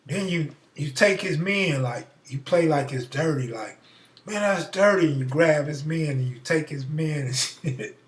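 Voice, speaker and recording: Animated storytelling man in an echoey room. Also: fairly high pitch, a little slow, distant mic. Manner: animated storyteller, acts out voices, profane. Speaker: live stream host. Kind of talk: casual storytelling.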